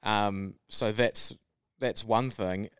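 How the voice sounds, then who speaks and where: A man's voice: fairly low pitch, steady tone, slow pace, clear, resonant tone, dry recording, clean studio sound. A man co-hosting a casual podcast chat, explaining his points steadily with worked examples. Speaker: podcast co-host.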